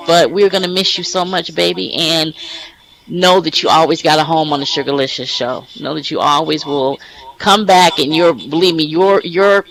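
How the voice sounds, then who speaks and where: Talk show host, male, gravelly and bright, rambling heartfelt delivery with restarts. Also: high-pitched, normal speed, rough recording. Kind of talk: casual talk show address. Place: online virtual-world voice chat.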